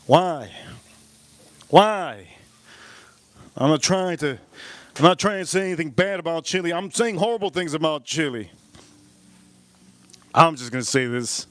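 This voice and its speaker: A man in his forties tends a charcoal grill outdoors while he hosts a live stream. He tells a long, looping story and keeps repeating his lines for effect. His voice sits a bit high for a man and sounds close and dry. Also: dry recording. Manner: repetitive, animated storyteller who jumps between the tale and the grill. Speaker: live-stream cook and host.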